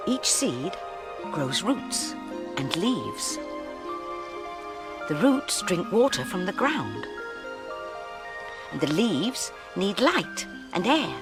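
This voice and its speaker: A woman presenting a children's programme, telling a story to young children in a gentle, sing-song way. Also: on the low side, big pitch swings, very slow, long pauses, music in the background.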